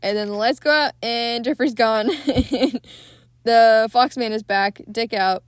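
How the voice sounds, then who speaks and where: A young woman hosting a podcast, casually recapping a film in a candid, excitable way, with frequent swearing. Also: a little high, slow, smooth, dry recording. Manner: profane, candid and excitable retelling. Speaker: podcast host.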